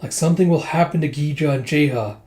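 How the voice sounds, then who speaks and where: A man's voice: fairly high pitch, fast talker, a little mellow, lightly acted. A man voicing an earnest, compassionate young princess from a manga, reading her lines in a slightly raised, pleading way.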